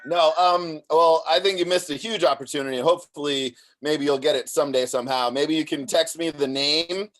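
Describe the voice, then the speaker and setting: A man hosting a casual interview, speaking in a relaxed, halting way with filler words. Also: a little high. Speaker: interview host.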